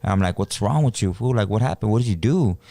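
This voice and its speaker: Animated slangy storyteller man. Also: on the low side, fast, no echo. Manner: animated storyteller, acts out quoted voices, slangy. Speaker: podcast co-host. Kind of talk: casual storytelling chat.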